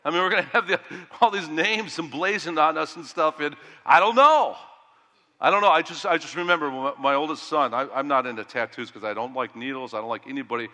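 Middle-aged male pastor, bright and forceful delivery, long hall reverb, loud-to-hushed swings. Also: on the high side, quick pace, hardly any pauses. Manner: animated preaching that rises loud and drops to hushed. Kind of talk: sermon.

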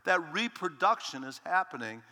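A male pastor preaching a lively, emphatic sermon to his congregation and calling out "Amen?" as he goes. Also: high-pitched, normal speed, long reverb tail. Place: church sanctuary.

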